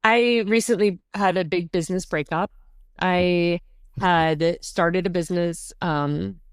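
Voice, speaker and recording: A middle-aged woman, a podcast guest, telling a story in a casual, animated way, often saying "like" and jumping high when she acts out quotes. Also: takes it slowly, clean tone, dry recording, studio quality. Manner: animated, says "like" often, jumps to high pitch acting out quotes.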